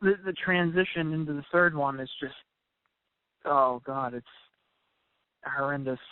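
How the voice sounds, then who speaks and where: A man chatting casually as co-host, laid-back and wry, with a slightly higher voice. His voice comes through thin and phone-like, with a dry, close sound. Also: measured pace, clean tone, no echo. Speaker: podcast co-host. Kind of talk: casual review chat.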